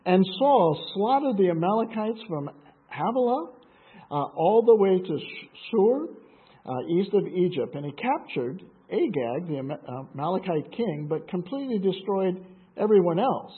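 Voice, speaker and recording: A man's voice: sits high, big pitch swings, moderate pace, husky. A man reading a Bible passage aloud and adding conversational comments. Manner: conversational asides, frequent fillers and restarts. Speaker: Bible teacher. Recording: tinny phone-like sound.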